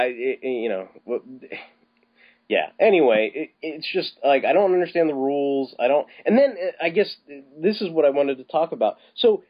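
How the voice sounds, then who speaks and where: A man talking casually about a film, rambling with lots of restarts and casual swearing. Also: on the high side. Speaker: podcast co-host. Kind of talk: casual film-review chat. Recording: slightly dull, lo-fi podcast audio.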